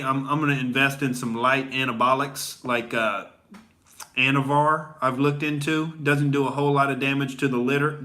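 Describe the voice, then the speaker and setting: A man's voice: medium pitch, bright, forceful tone. A young adult man doing a comedy rant as a boastful gym bro, rambling with lots of "dude" and "all right?". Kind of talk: stand-up style comedy rant.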